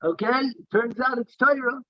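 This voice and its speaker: A man's voice: very high-pitched, normal speed, no echo, lo-fi sound. A man teaching a daily Talmud class, reading Aramaic text in a singsong and explaining it in English. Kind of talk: Talmud lesson, reading and translating.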